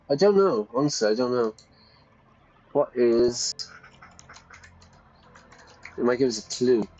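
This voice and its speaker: A man's voice: medium pitch, darkish tone, muffled recording. A British or Irish man teaching English while reading game dialogue aloud and explaining phrases. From Britain or Ireland.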